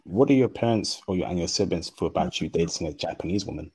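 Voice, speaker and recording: A man hosting a livestream, speaking slowly and deliberately with a non-native English accent. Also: low voice, expressive, a little mellow, breathy edge. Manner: slow, deliberate speech. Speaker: livestream host. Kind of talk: casual livestream talk.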